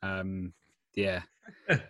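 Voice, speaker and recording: A man's voice: low-pitched, drawn-out words, a bit bright, no echo. A man co-hosting a fan podcast, hesitant and rambling, with lots of fillers and restarts. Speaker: podcast co-host. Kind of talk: casual podcast chat.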